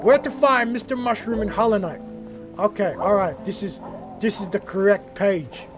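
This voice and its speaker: A young man streaming a game, chatting casually and rambling, often getting worked up and loud. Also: high-pitched, normal speed. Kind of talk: casual livestream gaming chat. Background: game music.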